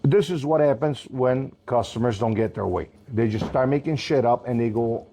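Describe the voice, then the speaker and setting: A man who owns a restaurant, telling a story in casual chat with animated, profane, fiery energy. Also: medium pitch, normal speed. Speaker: restaurant owner.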